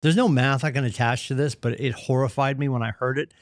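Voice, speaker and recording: Speaking a little fast in a steady, mid-range voice, with clean studio sound and no room sound, a real estate team leader runs the morning meeting. His motivational talk is earnest and punchy, and he acts out people's excuses in quoted voices.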